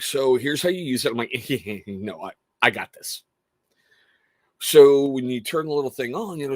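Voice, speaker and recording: A man in his thirties hosting a casual show, telling family stories in an animated way and laughing often. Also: fairly low pitch, no room sound. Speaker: podcast host talking to chat. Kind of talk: casual chat.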